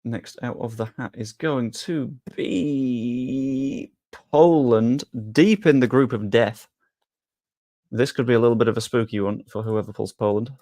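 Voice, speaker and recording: A man's voice: mid-range voice, a little slow, mellow, no room sound, studio quality. Chatty young man streaming. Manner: chatty, jokey, self-deprecating. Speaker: streamer hosting a sweepstake draw. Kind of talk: casual live-stream chat.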